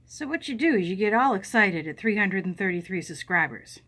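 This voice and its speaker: A woman's voice: medium pitch, lively intonation, brisk, a bit bright, breathy edge. A woman chatting casually to viewers in a hobby vlog, self-deprecating and talkative. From United States. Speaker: cross-stitch vlogger.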